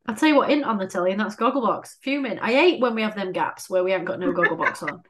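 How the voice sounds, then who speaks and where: A young woman, co-hosting a casual chat, animated, swearing and laughing often. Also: mid-range voice, quick pace. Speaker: podcast co-host.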